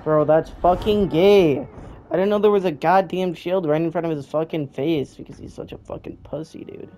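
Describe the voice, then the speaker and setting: A man's voice: on the high side, moderate pace, slight background noise. A young man giving gameplay commentary, frustrated and swearing as he rants at the game he is playing. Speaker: gamer. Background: loud game music and gunfire.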